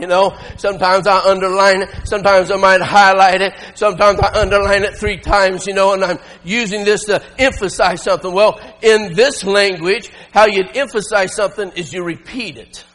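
A male preacher giving a sermon with emphatic, shouting delivery and frequent laughter. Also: high-pitched, in a large hall.

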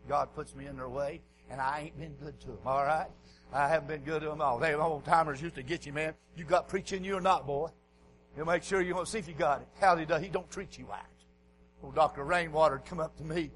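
A man preaching a folksy revival sermon in a church, dropping to quiet asides and rising to shouts. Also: noisy background. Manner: folksy, swings from low murmurs to hoarse shouting.

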